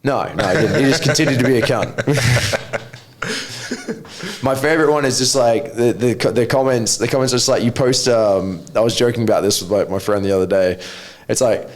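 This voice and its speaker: Man, Australian accent, podcast guest, casual chat, blunt, sweary, animated. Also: medium pitch, normal speed. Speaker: MMA coach, podcast guest.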